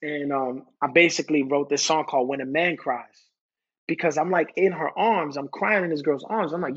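A man in his thirties, a podcast guest talking candidly and haltingly, often repeating words and restarting his sentences. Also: a little high, fairly bright tone, husky, lo-fi sound. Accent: New York. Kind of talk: candid conversational talk.

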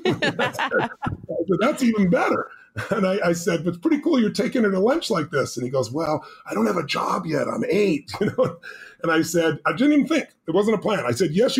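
A man telling a story as a podcast guest, animated and emphatic, acting out the quotes. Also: on the high side.

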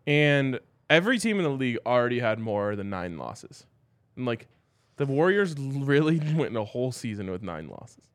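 A man's voice: medium pitch, big pitch swings. Young man, sports podcast co-host, chatty, upbeat, easygoing banter. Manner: chatty, upbeat, quick to laugh. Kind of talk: casual sports chat.

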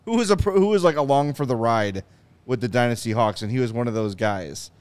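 A man hosting a podcast, talking sports in an animated, emphatic way. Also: medium pitch, fairly quick, clean tone, no room sound. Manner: animated, emphatic, quotes players in asides. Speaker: podcast host. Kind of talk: casual sports talk.

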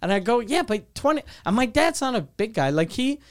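Smooth-voiced man rambling through a profane story. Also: very high-pitched, sing-song, a little fast. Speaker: comedian telling a story. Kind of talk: casual chat.

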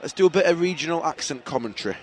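Brief: excitable male co-host, animated, slightly high voice. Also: very fast. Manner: lively, laughs a lot, excitable. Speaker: podcast co-host. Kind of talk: casual football banter.

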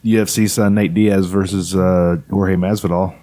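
A man's voice: low-pitched, level tone, moderate pace, dark tone. A man co-hosting a podcast, chatting casually with wry, joking banter. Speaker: podcast co-host. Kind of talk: casual chat.

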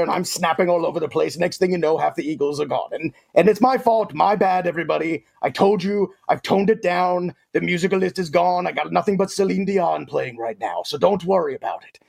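A man's voice: a little high, creaky, a little mellow, slightly rough, exaggerated voice. A man putting on a comic voice of a boastful alien titan villain on a sports talk show, speaking with pompous theatrical grandeur. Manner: pompous, theatrical, playful third-person boasts. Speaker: fantasy football guest in character. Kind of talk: comic character bit on a sports podcast.

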